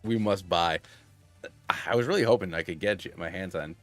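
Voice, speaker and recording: A man in his thirties streaming a game, chatting casually in a rambling, excitable way with many restarts and tangents. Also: low voice, moderate pace, soft background music. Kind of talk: casual gaming stream chat.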